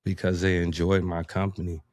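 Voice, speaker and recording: A man chatting as a podcast guest, telling animated stories, acting out quotes and laughing often. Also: sits low, normal speed, dry recording. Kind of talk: casual conversation.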